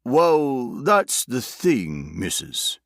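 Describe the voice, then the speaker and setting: A grizzled old workman with a thick English country accent, as a male narrator puts him on, loud and blunt, cursing freely. The voice sits well above the narrator's own and booms out. It is a dry, close storybook reading. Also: wildly swooping pitch, extremely slow, vocal fry, no room sound, exaggerated voice. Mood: gruff. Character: old gruff rural English laborer, man.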